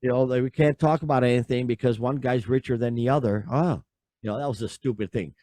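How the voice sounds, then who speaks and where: Mellow exasperated podcast host. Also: male voice, medium pitch, fast talker, no room sound. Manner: rambling, exasperated, lots of fillers and sighs. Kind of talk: casual chat.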